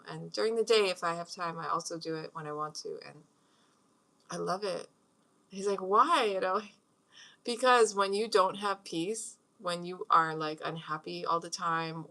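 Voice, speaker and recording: A woman's voice: fairly low pitch, vocal fry, a bit bright. A middle-aged woman hosting a meditation talk at home, chatting casually and rambling, with frequent laughs. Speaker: host leading a meditation practice. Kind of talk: casual spoken talk with guided breathing.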